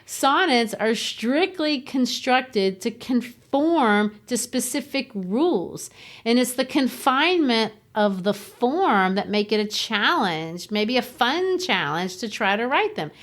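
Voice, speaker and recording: A woman's voice: fairly high pitch, big pitch swings, slow pace. A woman who teaches, co-hosting a podcast in a casual, explanatory way and tapping out rhythms as she explains.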